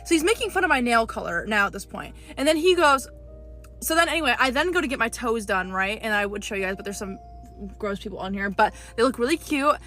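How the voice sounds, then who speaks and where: Indignant woman with a bright voice. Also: on the high side, fast, soft background music. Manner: indignant, animated, talks to viewers directly. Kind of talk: animated storytime monologue.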